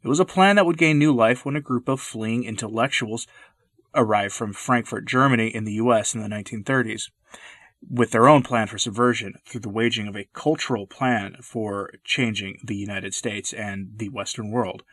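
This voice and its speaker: A man delivering scripted commentary narration in a measured, deliberate way. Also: fairly low pitch, a bit bright, dry recording.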